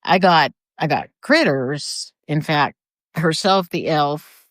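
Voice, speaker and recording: A woman's voice: sits low, expressive, slow pace, no room sound, clean studio sound. Older woman chatting on a live video. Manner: rambling, greets viewers by name. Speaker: livestreamer. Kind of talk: casual live chat. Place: outdoors on her front porch. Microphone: phone or camera for a live video.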